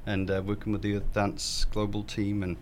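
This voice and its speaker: Low-voiced man with a Kiwi accent. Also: monotone, moderate pace, slight background noise. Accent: New Zealand. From New Zealand. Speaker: event organizer guest. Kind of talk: casual interview chat.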